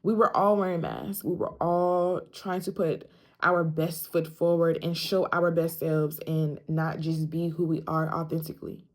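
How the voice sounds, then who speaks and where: A woman's voice: low-pitched, flat delivery, a little slow, darkish tone. A young woman talking casually straight to camera, emphatic and slangy, often repeating lines for emphasis. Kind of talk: casual self-talk vlog.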